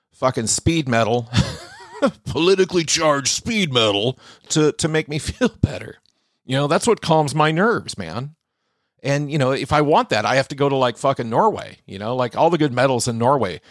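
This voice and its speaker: A man's voice: no echo, clean studio sound. An American man delivering a profane, sardonic monologue rant, his voice jumping wildly up and down. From United States. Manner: profane, sardonic, animated rant with big pitch swings. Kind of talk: ranting monologue.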